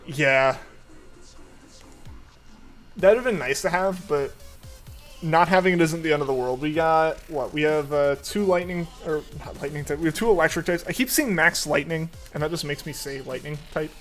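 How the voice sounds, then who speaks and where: A young man talks casually while he plays, rambling through his thoughts with plenty of "like" and "uh" and frequent restarts. His voice sits a little high for a man. Faint game music plays behind him. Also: moderate pace. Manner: rambling, with many fillers and restarts. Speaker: streamer. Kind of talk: casual chat while gaming.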